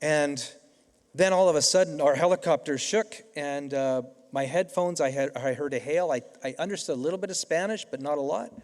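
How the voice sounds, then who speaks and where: A man's voice: on the high side, a little fast, darkish tone. Middle-aged man speaking in a reverberant hall. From Canada. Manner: storytelling, conversational with frequent restarts. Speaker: keynote speaker. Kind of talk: convocation speech. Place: large hall.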